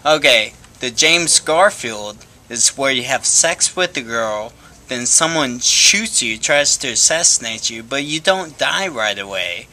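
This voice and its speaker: A man's voice: mid-range voice, animated, measured pace, bright, forceful tone. A man telling absurd jokes in a dry, matter-of-fact way, now and then stumbling over his words. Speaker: stand-up comic. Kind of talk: deadpan joke telling.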